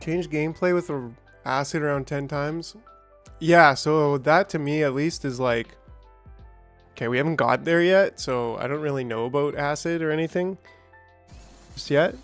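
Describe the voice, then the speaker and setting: A gaming streamer rambles casually through a let's-play, reading patch notes aloud and greeting chat viewers by name. His voice is fairly high and fairly bright, at a normal speed, with faint music in the background.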